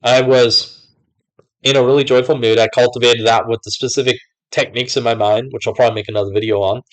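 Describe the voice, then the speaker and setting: A man's voice: mid-range voice, steady tone, fast talker, rough recording. Rambling young man vlogging. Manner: rambling, many fillers like "like" and "whatever". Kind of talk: casual talk to camera.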